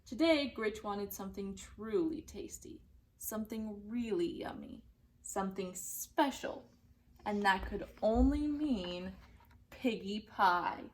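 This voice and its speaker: Slow gentle young woman reading aloud. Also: medium pitch, animated, a little hiss or hum. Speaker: reader. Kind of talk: reading a children's picture book aloud.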